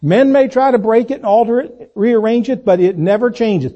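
A man preaching a sermon, swinging between loud slow emphasis and low quiet asides. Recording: dull lo-fi recording.

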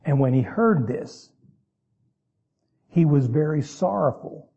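A man preaching a sermon, reading King James verses and then explaining them in plain folksy asides, sometimes stretching words out slowly for emphasis. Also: a little high, expressive, vocal fry, mellow, breathy edge, muffled recording.

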